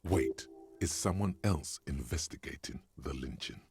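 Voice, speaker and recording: A gravelly, husky sardonic game narrator, dry mocking delivery, very low. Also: male voice, expressive, measured pace, a little mellow, heavily acted. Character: grim male inner voice of a detective game.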